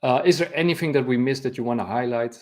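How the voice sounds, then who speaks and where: A man hosting an interview, a little hoarse from a cold, speaking in a friendly way with hesitant fillers. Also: mid-range voice, fast, a little mellow. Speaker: host. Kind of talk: casual interview chat.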